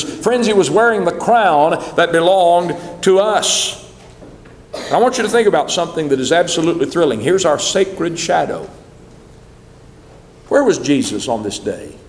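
A man preaching a sermon, telling a story dramatically with swelling emphasis. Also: high voice. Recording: echoey hall.

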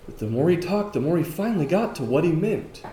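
A man preaching a sermon, moving between emphatic lines and quiet ones and asking rhetorical questions. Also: fairly high pitch, very animated, fairly quick, slight background noise. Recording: echoey room with faint ambience.

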